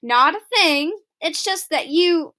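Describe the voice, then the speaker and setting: A woman voicing a playful older man who teases a boy with slow, drawling jokes. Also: extremely high pitch, expressive, bright, forceful tone, heavily acted. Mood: teasing. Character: teasing older man, grandfatherly joker.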